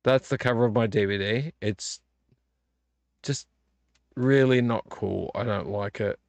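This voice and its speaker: Tired vlog host, gravelly, dry close sound, rambling chat. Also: male voice, lowish voice, a little slow, dry recording. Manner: relaxed, rambling, complains about covers. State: tired and yawning. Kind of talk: casual late-night chat. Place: home room.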